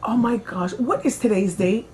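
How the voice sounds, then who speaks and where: A woman's voice: fairly high pitch, moderate pace, darkish tone, slight background noise. A middle-aged woman hosting a talk show, chatting candidly and rambling, her talk full of "you know" and "like". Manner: candid, dramatic storytelling. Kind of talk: casual after-show chat.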